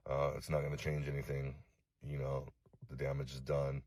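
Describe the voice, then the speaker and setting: Super deep husky guy apologizing to camera, flat delivery, dry close sound. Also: no room sound. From Los Angeles, USA. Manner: halting, remorseful, heavy swearing, frequent fillers. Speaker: vlogger. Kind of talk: direct-to-camera apology video.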